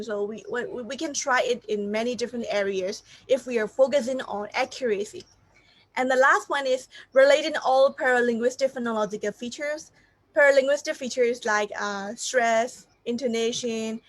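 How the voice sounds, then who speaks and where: A woman teaching pronunciation in a live online lesson, explaining step by step and asking her viewers questions. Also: a little high. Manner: explanatory, repeats key points, asks the audience questions. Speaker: teacher trainer.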